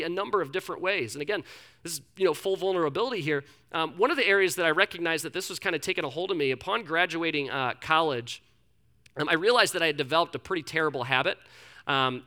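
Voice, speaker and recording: Young male pastor, high bright voice, candid sermon storytelling. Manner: candid, self-deprecating storytelling with many restarts.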